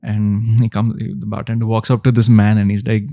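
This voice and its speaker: A man's voice: fairly low pitch, a little fast. A man with an Indian English accent, a musician guest on a podcast, chatting casually and telling a joke with lots of laughter. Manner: animated storyteller, laughs often.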